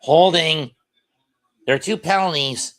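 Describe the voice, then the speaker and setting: A young man doing amateur play-by-play commentary of a football game in brisk, clipped calls. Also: a little high, fairly bright tone.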